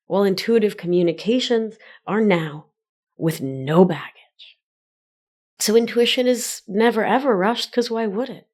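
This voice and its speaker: A woman hosting a solo wellness podcast, teaching in a gentle sing-song and a slow, deliberate way. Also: mid-range voice. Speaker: podcast host and life coach.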